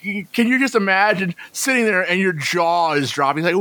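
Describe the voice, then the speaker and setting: A man's voice: high-pitched, lively intonation, normal speed, sharp tone, dry recording. A man hosting a podcast, chatting enthusiastically and wondering aloud. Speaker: podcast host. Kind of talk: casual podcast chat.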